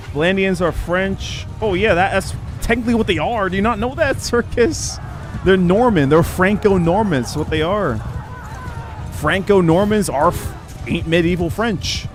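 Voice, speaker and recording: A man's voice: sits high, unhurried, faint music behind. A man streaming gameplay live, chatting with viewers in an opinionated, talkative way.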